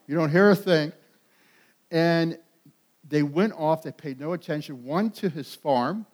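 High-voiced preaching man. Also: measured pace. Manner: animated preaching, rising to loud emphatic peaks, with repeated words and restarts. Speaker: pastor. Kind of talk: sermon.

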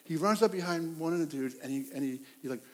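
A high-pitched man preaching a sermon in a church hall, animated and full of stories. He often laughs at his own tales as he tells them. A long reverb trails every phrase. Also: fast. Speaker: pastor.

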